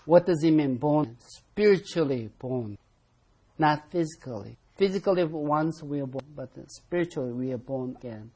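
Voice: mid-range voice, lively intonation, normal speed, dark tone, husky. A Bible study teacher leading an interactive class, calling on members to read verses aloud and stressing key words with emphatic repetition.

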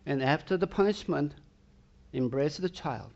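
With a fairly high, darkish voice made rough by a gravelly edge, this pastor preaches slowly and deliberately. He's direct and emphatic, frequently checking in with his congregation through rhetorical questions, and the recording sounds dull and lo-fi.

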